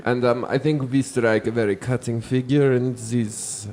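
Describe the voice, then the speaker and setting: A man's voice: mid-range voice, fairly even intonation, moderate pace, darkish tone, slight background noise, lightly acted. A man voicing a hesitant, rambling, self-satisfied Nazi officer in a tabletop role-play. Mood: smug.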